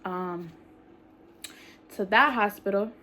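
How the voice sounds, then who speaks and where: A woman's voice: mid-range voice, slow, pushed and bright, slight background noise. Breathless young woman vlogging. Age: young adult. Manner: rambling, many fillers, colloquial speech. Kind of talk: casual talk to camera.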